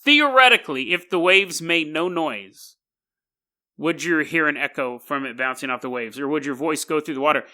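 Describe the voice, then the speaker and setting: A man's voice: on the high side, lively intonation, normal speed, sharp tone. A man hosting a podcast, telling a story in a rambling, jokey way and laughing often. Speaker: podcast host.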